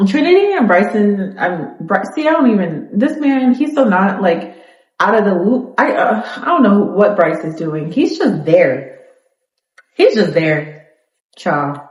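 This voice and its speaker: A young woman from South Florida giving a sassy, animated casual recap of a reality show. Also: mid-range voice. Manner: animated, sassy, talks back to the screen. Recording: echoey room.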